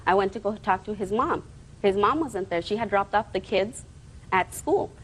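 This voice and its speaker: A woman's voice: mid-range voice, lively intonation, normal speed, a little hiss or hum, rough recording. A woman plaintiff giving courtroom testimony in an earnest, rambling way, defensive when challenged.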